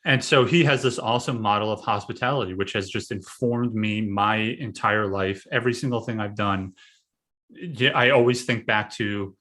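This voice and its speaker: A man with a lowish, forceful and bright voice talks in a casual podcast conversation. He hesitates often, restarting phrases and filling pauses with ums and likes as he works out his thoughts. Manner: halting, many fillers and restarts. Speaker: podcast host, guest this episode.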